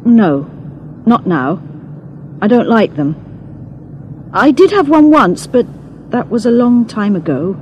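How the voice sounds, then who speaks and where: A woman's voice: on the high side, very animated, slow, pauses often, darkish tone, slight background noise. A woman voicing a polite, old-fashioned male hitchhiker of about forty, speaking formally and courteously.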